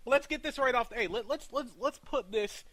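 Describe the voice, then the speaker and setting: A man's voice: extremely high pitch, a little fast, fairly bright tone. A man co-hosting a podcast in casual chat, playful and teasing as he goads the others. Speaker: podcast co-host.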